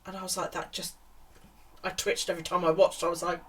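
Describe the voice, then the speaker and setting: A middle-aged woman with a husky voice, chatting casually and telling stories while she knits, swearing now and then. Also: lowish voice, little pitch movement, quick pace. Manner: chatty storyteller, swears casually, quotes others in a hushed voice. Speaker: knitting vlogger. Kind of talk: casual chat while knitting. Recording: voice a bit far from the mic.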